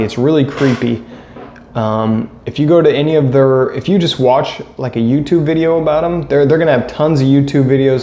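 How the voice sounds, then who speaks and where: A man's voice: medium pitch, mellow. A man in a casual, blunt rant to camera, criticizing and repeating his points. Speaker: vlogger. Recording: echoey room with faint ambient noise.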